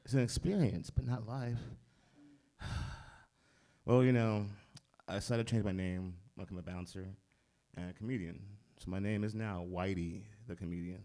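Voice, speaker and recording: A man's voice: low voice, fairly even intonation, normal speed, warm tone. A man doing stand-up comedy on a club stage, laid-back and provoking the crowd. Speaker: stand-up comic.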